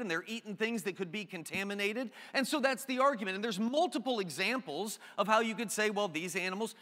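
A man's voice: high voice, sharp tone, in a large hall. A man preaching a sermon as pastor, conversational and joking, with off-topic asides.

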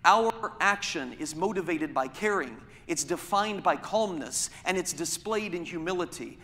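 A man's voice: high-pitched, lively intonation, measured pace, sharp tone, long reverb tail. A man preaching a sermon, emphatic and full of rhetorical questions. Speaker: pastor.

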